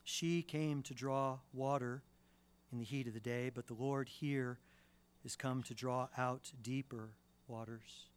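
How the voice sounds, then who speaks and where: A male pastor preaching a sermon, dropping to a hush and then rising to loud, impassioned lines. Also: medium pitch, steady tone, measured pace, clear, resonant tone. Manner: dramatic swings from hushed to loud, impassioned.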